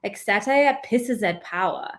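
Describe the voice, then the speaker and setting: A woman guest who is an academic, speaking thoughtfully in a podcast interview and pausing on frequent "um"s. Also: medium pitch, animated. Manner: thoughtful, measured, many "um"s. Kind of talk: conversational interview.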